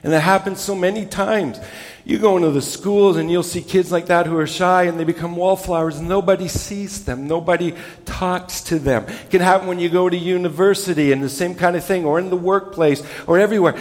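Man, pastor, sermon, emphatic, slightly high voice, long hall reverb. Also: fairly even intonation, brisk. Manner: emphatic, drops low and soft on key words.

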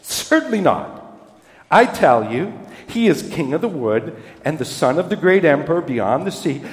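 A man's voice: a little high, very animated, moderate pace, roomy sound, long reverb tail. A man reading aloud as a stern, motherly female beaver from a storybook.

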